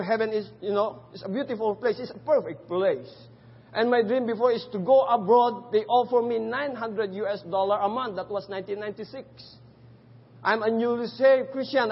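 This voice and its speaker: A man's voice: high voice, husky. A man with a Filipino accent giving an earnest, emphatic testimony sermon as a missionary preacher. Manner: earnest and emphatic, rising to fervent peaks. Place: church sanctuary. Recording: echoey church hall, dull lo-fi audio.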